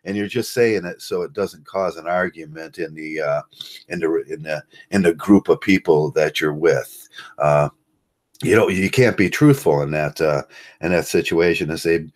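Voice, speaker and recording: A man hosting a casual live stream, talking in a rambling, halting way with many fillers and chuckles. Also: extremely low pitch, darkish tone. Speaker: host. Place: home.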